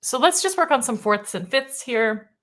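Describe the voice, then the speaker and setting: A woman voice coach leading a livestream singing warm-up, chatty and self-deprecating, demonstrating sung exercises on simple syllables. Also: on the high side, lively intonation, normal speed, over loud music. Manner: chatty and self-deprecating, laughing at her own slips.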